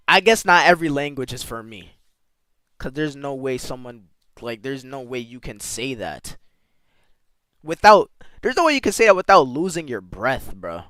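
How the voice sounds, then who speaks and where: Animated, slow-talking male streamer. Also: medium pitch, no echo. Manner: playful, sounds out foreign words slowly and drawn out; talks to chat with slangy asides. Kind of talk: casual live-stream chat.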